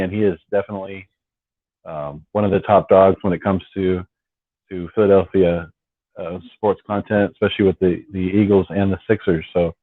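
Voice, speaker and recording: A man with a lowish voice hosts a relaxed late-night fan live stream, rambling along and often restarting his words. The sound is thin and phone-like, with no room echo at all. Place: at home on the West Coast. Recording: dry, tinny phone-like sound.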